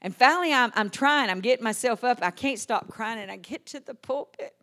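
An older woman delivers a revival sermon with fervor. She drops to a near hush, then lifts into ringing, exclamatory praise, sprinkling amens through her storytelling. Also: fairly high pitch, brisk. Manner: impassioned, swinging from hushed to exclaiming. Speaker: preacher.

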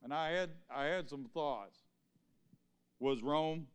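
Male pastor, sermon delivery, clear smooth tone on the higher side, keeps firing questions at the congregation. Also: measured pace, fairly bright tone. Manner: preaches with call-and-response questions to the congregation.

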